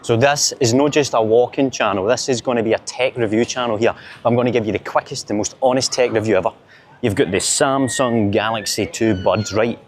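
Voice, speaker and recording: A Glaswegian man talks to camera as he strolls busy city streets, cracking jokes and rambling from one thing to the next. His voice sits at a middling pitch. Faint street ambience hums behind him. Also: a little fast, slight background noise. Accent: Glaswegian Scottish. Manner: chatty, joking, rambling banter. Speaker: vlogger filming a city walk. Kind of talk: casual walking vlog to camera.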